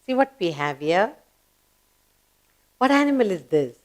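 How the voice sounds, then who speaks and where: A woman's voice: medium pitch, very animated, measured pace. A woman teaching young children, asking questions, answering them herself and spelling words letter by letter in an emphatic, coaxing way. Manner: emphatic, coaxing classroom delivery. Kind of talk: children's grammar lesson.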